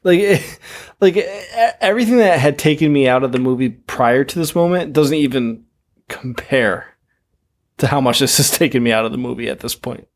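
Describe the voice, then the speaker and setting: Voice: medium pitch, animated, moderate pace. A podcast co-host in casual chat, bluntly complaining about a film, with frequent swearing. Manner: blunt, exasperated, profane. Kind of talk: casual movie review chat.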